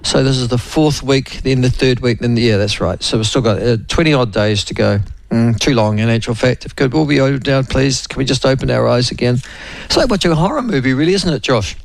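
A man's voice: mid-range voice, brisk, gravelly, dry recording, low-quality recording. A man hosting a radio talk show, rambling wryly through a casual monologue with jokey asides. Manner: rambling, wry, jokey asides with put-on quoted voices. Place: radio studio.

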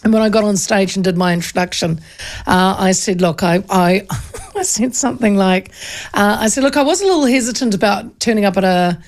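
A middle-aged woman with a New Zealand accent hosts a talk radio show. She chats casually and tells stories with plenty of laughter. Her voice sits at an ordinary pitch for a woman. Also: lively intonation, a little fast. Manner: chatty storyteller who laughs often.

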